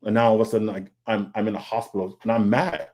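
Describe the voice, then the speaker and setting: On a video call panel, a comic artist guest talks fast in a fairly low, darkish voice with a level tone. He's earnest and confessional, often repeating words and quoting what he himself thought.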